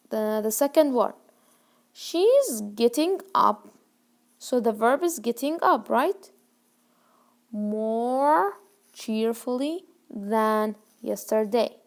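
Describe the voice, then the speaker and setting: Slow, gravelly-voiced woman teaching grammar. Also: on the high side, a little mellow. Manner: slow, repeats key words, checks understanding. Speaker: English teacher. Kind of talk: grammar lesson to learners.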